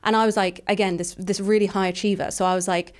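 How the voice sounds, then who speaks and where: An Englishwoman in her thirties, appearing as an interview guest, tells her personal story frankly and rapidly with lots of "like" fillers. Her mid-range voice has a clean tone and a flat delivery.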